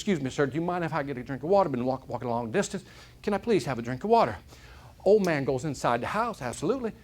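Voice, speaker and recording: A man giving a motivational keynote to a live audience, telling stories and often asking the room questions. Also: on the high side. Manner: animated storyteller, asks the audience questions. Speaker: motivational speaker. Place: corporate event hall.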